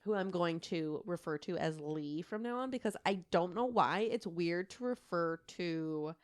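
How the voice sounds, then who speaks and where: A woman in her thirties co-hosts a podcast, her fairly low, expressive voice moving at a measured pace. She tells a true crime case in a chatty way, full of fillers and laughing asides.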